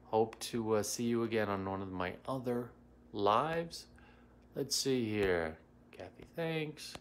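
Speaking slowly in a fairly low voice over slight background noise, a middle-aged man runs a relaxed livestream as a psychic medium from his Washington, D.C. home. He greets viewers by name and responds to comments, using plenty of fillers.

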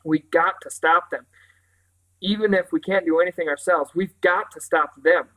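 An anxious, excitable young boy, as a male reader voices him, pleading urgently and earnestly. He speaks a touch higher than the narration, in a storybook reading. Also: moderate pace, poor audio.

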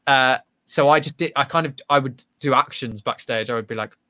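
A man's voice: mid-range voice, fairly quick, pushed and bright. A man, a stage actor, chatting casually in an interview, self-deprecating and full of restarts. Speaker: actor guest.

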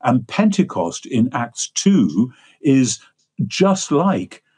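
A man's voice: mid-range voice, sing-song, very slow, a little mellow, breathy edge. An older man with an English accent, explaining ideas at length in a discursive, lecturing way as an interview guest. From England. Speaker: guest theologian.

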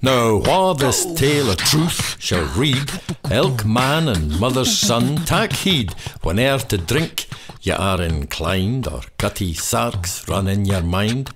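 A man giving a dramatic recitation of a narrative poem in a slow, theatrical storytelling manner. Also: mid-range voice, over music. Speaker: poetry reciter. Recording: steady background noise.

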